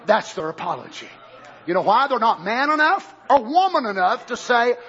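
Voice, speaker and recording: A man preaching a sermon, swinging from low murmurs to loud shouted lines. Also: sing-song, normal speed, dull audio, slight background noise.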